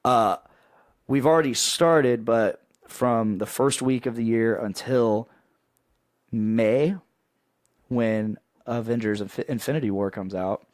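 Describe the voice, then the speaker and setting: A young man hosting a podcast in casual chat, pitching with excitable hype and laughing often. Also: slow, dry recording, clean studio sound. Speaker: podcast host.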